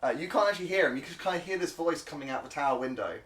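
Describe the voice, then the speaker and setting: A man narrating as game master of a tabletop game, halting and full of filler words. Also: a little high, expressive, a bit bright. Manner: halting, full of ums and uhs.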